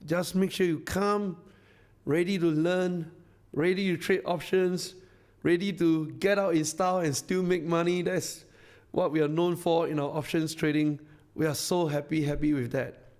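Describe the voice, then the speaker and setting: Speaking in a slightly mellow voice that sits high, this Singaporean-accented man is a company founder on stage before a masterclass crowd. His live speech is gushing and repetitive, designed to fire people up.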